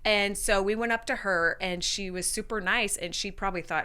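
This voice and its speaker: Brief: podcast guest, woman, bright chatty storyteller with lots of fillers. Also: medium pitch, moderate pace, smooth. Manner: animated, laughing, full of fillers like "like". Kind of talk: storytelling in casual conversation.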